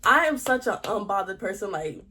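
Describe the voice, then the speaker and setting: A young woman telling a storytime vlog in a chatty, slangy, expressive way. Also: medium pitch, a little fast, a little hiss or hum. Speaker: vlogger.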